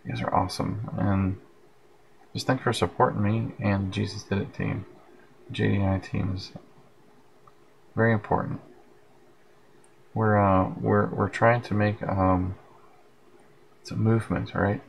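A tired man hosts a late-night livestream. His low voice has a gravelly rasp, and he talks in a rambling, friendly way. Faint noise sits behind him. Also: flat delivery, unhurried, pauses often, rough recording. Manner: rambling, friendly, reads out viewer comments. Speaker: livestream host. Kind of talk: casual live broadcast chat. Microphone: headphones with plug-in mic.

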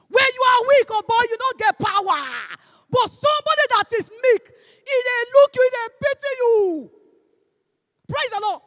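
Nigerian woman preaching in a ringing hall. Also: very high voice. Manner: emphatic, swings between shouting and hushed tones, drops into Pidgin. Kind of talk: sermon.

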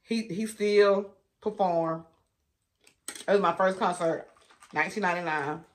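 A woman's voice: on the low side, measured pace. A woman, chatting casually to viewers as a food vlogger and laughing often.

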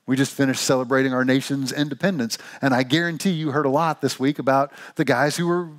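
A man from Missouri preaching a sermon, telling a joke story with an animated, playful manner. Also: mid-range voice, fast talker. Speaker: pastor.

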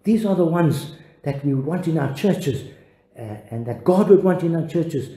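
An older man, a pastor, giving a devotional sermon in an earnest, halting way with frequent restarts. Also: a little high, expressive, mellow, reverberant, rough recording.

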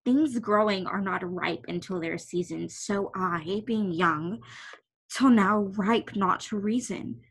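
A woman's voice: medium pitch, takes it slowly, slightly rough. A woman playing an ardent young male lover. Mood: earnest. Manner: earnest, declamatory verse. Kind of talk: Shakespeare verse reading. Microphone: video call.

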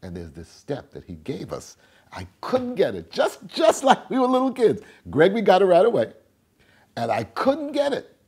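An older man telling stories in an interview, acting out the people he quotes with big swings in pitch and loudness. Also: normal speed, husky. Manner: animated storyteller, acts out quotes with big swings in pitch and volume. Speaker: interviewee, tap dancer. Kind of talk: storytelling interview.

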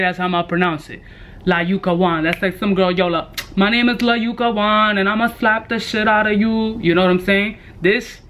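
Brash high-voiced man reviewing perfumes. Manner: brash, joking, profane street slang. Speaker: fragrance reviewer. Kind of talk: casual product review vlog.

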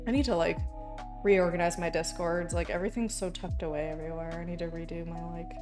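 A woman's voice: fairly low pitch, steady tone, fast talker, music in the background. A woman chatting casually on a livestream, rambling from topic to topic and swearing freely. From Canada.

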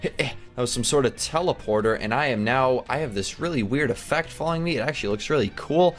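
A young man hosting a gameplay channel, talking through an obstacle course in excited casual commentary that jumps into high squeals when something surprises him. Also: fast talker. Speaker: gaming channel host. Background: faint background music.

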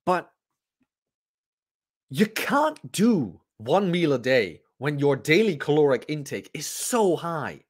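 A man hosting a casual livestream podcast and ranting with blunt, profane humor. His voice sits a touch high for a man and swings widely in pitch as he gets worked up. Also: very animated, slow. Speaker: podcast host.

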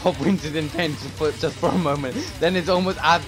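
A man reading a dating game aloud in soft, dramatic narration. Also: a little high, normal speed. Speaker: game reader. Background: music.

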